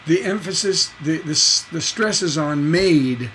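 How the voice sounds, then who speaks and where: A man teaching songwriting on a livestream, taking a lyric apart in a playful, animated way and singing out the syllable patterns as he goes. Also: fairly high pitch, moderate pace, a little hiss or hum, poor audio.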